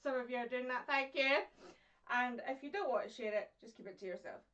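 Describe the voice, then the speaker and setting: Woman, teacher, high-pitched, playful, sounds out examples, muffled distant mic. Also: a little fast, a bit bright. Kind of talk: live-streamed lesson. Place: home.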